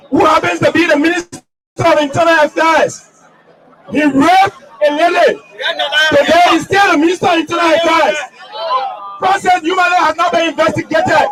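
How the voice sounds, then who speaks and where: A man with a Liberian English accent shouts a protest speech in a high, unvarying voice at an outdoor rally. He stands well back from the mic. A roaring crowd and heavy street noise fill the recording. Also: recorded from a distance. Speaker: rally speaker.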